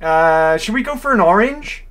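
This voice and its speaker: A man's voice: sits high, lively intonation, moderate pace, fairly bright tone. A man casually commentating his own gameplay, chatty and playful, often correcting himself. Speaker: game streamer. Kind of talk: casual let's-play commentary.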